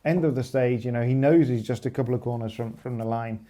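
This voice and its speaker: A man's voice: medium pitch, fast talker, mellow. A man chatting casually as a rally journalist in a review, agreeable and thoughtful.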